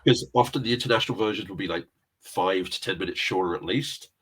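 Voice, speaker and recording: This English guest, middle-aged, has a low, slightly rough voice and talks fast. In a relaxed interview he wanders through anecdote after anecdote, laughing to himself frequently.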